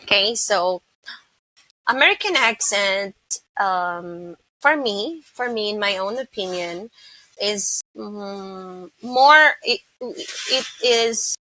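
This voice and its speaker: Filipino woman, English teacher, patient lesson delivery, crisp and lively tone, close dry sound. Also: mid-range voice, slow pace, dry recording, highs cut off. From Philippines. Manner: patient, explanatory, with frequent comprehension checks.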